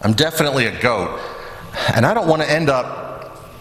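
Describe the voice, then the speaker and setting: A man's voice: medium pitch, lively intonation, a bit bright, lightly acted. A man voicing a troubled, guilt-ridden woman who speaks hesitantly, recorded in an echoey church. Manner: hesitant, unsure, halting. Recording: echoey church with long reverb.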